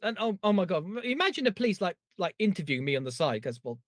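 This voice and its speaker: A man's voice: high voice, big pitch swings, fast talker, dry recording, studio quality. A man hosting a casual comedy podcast, rambling and joking, laughing at his own gags. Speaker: podcast host.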